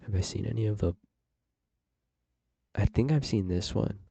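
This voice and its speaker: A man's voice: on the low side, moderate pace, vocal fry, mellow, slightly rough, no echo. A man streaming live, tossing out mumbled, offhand asides as he reacts to a video. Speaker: livestream host. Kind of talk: casual reaction commentary.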